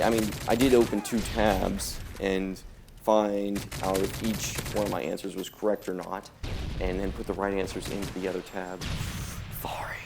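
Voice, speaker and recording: Young guy rambling over loud game gunfire, low gravelly voice, lots of likes and ums. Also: noisy background. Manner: rambling, laid-back, heavy on filler words. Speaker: gameplay commentator. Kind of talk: casual chat over gameplay.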